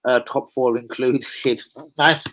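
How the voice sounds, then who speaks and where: A man's voice: medium pitch, fairly even intonation, slow, fairly bright tone, a little hiss or hum, low-quality recording. A man hosting a live football fan stream, chatting casually, reading out viewer comments and swearing freely. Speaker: fan channel host. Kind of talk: live football preview chat.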